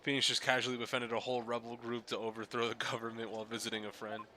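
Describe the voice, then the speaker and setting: A man's voice: mid-range voice, completely flat delivery, fast talker, noisy background. A man streaming a game live, commenting bluntly and swearing at it.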